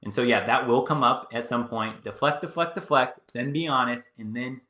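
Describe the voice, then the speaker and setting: Bright-voiced man coaching in an echoey room. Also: mid-range voice, normal speed. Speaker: dating coach. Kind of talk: casual coaching chat.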